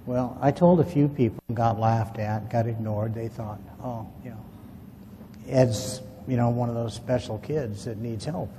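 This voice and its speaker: A man with a dark, mellow voice spins a rambling, folksy anecdote for a small group. His voice carries a long echo, as if the room is large, with a faint hiss underneath. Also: medium pitch, a little slow. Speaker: UFO witness telling his story. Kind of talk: casual spoken storytelling to a group.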